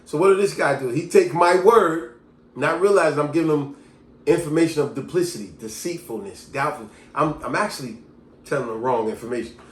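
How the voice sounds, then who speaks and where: A man vlogging, telling personal stories in a casual, animated monologue. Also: on the high side, fairly quick. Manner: animated storyteller, lively delivery. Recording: echoey room.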